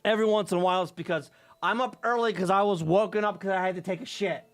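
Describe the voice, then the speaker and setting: A man streamer telling casual stories on a live stream, animated, swearing and laughing often. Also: sits high, quick pace, no room sound.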